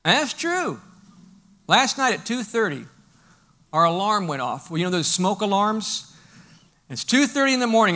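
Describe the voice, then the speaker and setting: Telling stories animatedly from the pulpit, this pastor alternates loud bursts with quiet, hushed lines. His voice is high-pitched, his pace moderate, and he leaves long pauses.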